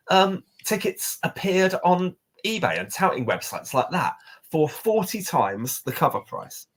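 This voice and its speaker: Podcast co-host, man, husky, animated ranting delivery, pitch swinging widely. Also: a little slow. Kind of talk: casual podcast rant.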